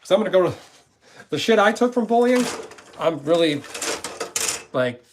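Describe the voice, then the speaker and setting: A man hosts a casual live stream and talks straight to his viewers. His voice sits a little on the high side. He rambles, speaks bluntly and swears without holding back. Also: very animated, normal speed, slight background noise. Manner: rambling and blunt, with frequent cursing. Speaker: gaming streamer.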